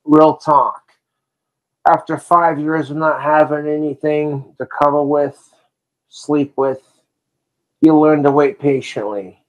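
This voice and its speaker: Male streamer, profane rant, slightly high voice, unhurried. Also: steady tone. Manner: profane, ranting, drinking on stream. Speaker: livestreamer. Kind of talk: livestream rant.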